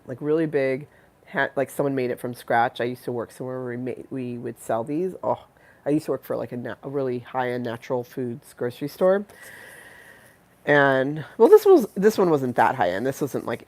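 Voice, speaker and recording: A woman's voice: very deep voice, darkish tone. A congested woman hosting a live stream, rambling and giggly as she chats with viewers and reads the chat aloud. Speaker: livestream host.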